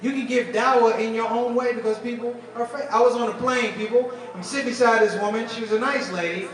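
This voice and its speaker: A man doing stand-up comedy at a fundraising dinner, telling animated stories and talking straight to the crowd. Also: extremely high pitch, fast talker. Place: banquet hall at a fundraising dinner. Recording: echoey hall, distant mic, crowd. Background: audience laughing and murmuring.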